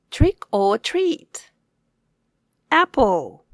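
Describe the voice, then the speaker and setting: A woman leads a children's reading lesson at a very slow pace. Her pitch rises and falls in a lively, sing-song way, and she echoes each new word in a soft whisper. The recording is dry and close. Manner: slow, clear, encouraging delivery for young learners. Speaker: reading teacher.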